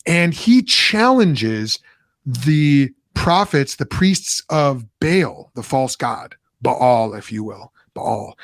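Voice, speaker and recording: A man, a podcast host and former pastor, retelling a Bible story in casual talk, animated, with restarts and asides. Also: mid-range voice, dry recording.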